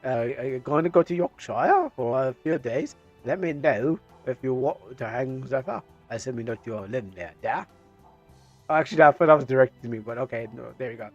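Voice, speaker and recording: A man's voice: mid-range voice, lively intonation, moderate pace, dull audio, soft background music. A man streaming a game, chatting casually and rambling with many fillers and restarts.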